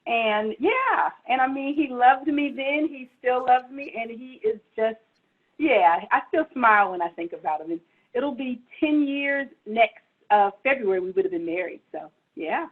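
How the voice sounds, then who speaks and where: Husky, animated woman on a tinny line. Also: on the high side, unhurried. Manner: animated, laughing, playful asides. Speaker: guest author. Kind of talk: casual storytelling interview. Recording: tinny phone-like audio.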